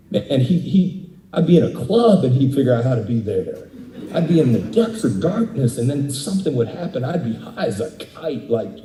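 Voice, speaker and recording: Candid preacher in an echoey church. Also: male voice, medium pitch, mellow. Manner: candid and conversational, laughs often. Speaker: guest speaker. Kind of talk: interactive sermon. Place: church hall.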